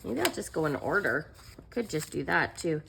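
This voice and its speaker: A woman's voice: low voice, lively intonation, normal speed, creaky, fairly bright tone, slightly rough. A young adult woman vlogger telling a story in a chatty, self-mocking way while she decorates a planner, laughing often and filling with "like" and "um".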